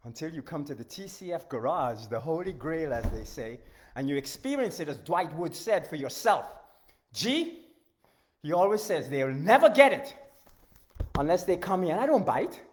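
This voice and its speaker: A man teaching martial arts strikes in a live-stream rant, emphatic and animated, shouting out strike sounds and often clearing his throat. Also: fairly high pitch, unhurried. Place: home training garage in the backyard.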